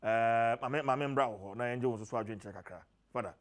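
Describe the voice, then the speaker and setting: A man's voice: medium pitch, fast talker. A man with a Ghanaian accent hosting a talk show, moderating a panel in Twi and English with short prompts and questions to his guests.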